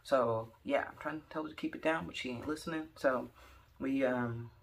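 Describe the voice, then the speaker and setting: A woman's voice: very deep voice, normal speed. A young woman telling a rambling, jokey story in a casual vlog, full of "like" and "um". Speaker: vlogger.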